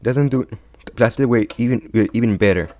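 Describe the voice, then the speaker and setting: A young man casually retelling a fan-made story, halting often and restarting his sentences. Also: mid-range voice, warm tone. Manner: halting, many restarts and repeats.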